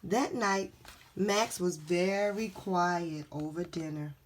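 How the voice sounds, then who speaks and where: A woman reading a children's story aloud, slow and animated, pausing to ask the listener questions. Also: on the low side, a little hiss or hum. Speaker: storybook reader.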